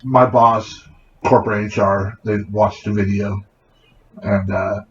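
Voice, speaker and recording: Male podcast co-host, casual and profane, mid pitch, dull lo-fi audio with light hiss. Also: takes it slowly. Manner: profane, animated retelling with acted quotes. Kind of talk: casual storytelling.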